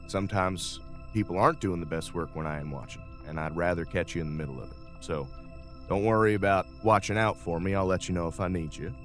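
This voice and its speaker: A man's voice: low-pitched, brisk, a bit bright, faint music behind. A man voicing a folksy, easygoing older male starship captain in a tabletop game. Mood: reassuring. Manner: folksy, drawling, uses ain't and y'all.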